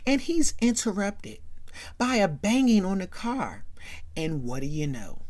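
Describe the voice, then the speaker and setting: A woman's voice: medium pitch, unhurried. A woman hosting a chatty, casual movie recap, often checking in with "right?". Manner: chatty, animated, keeps asking "right?". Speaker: host.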